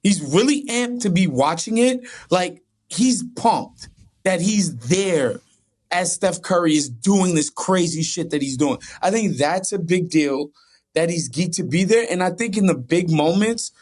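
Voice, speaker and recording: A man guest on a sports podcast, talking in an animated, excitable way and swearing casually. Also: high-pitched, measured pace.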